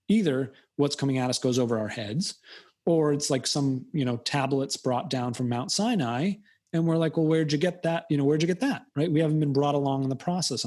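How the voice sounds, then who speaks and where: An American man talking as a podcast guest in a casual, long-winded way, acting out imagined quotes. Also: medium pitch. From United States. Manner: animated, acts out quoted voices, long-winded. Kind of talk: casual conversational interview. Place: Fairfield County, Connecticut.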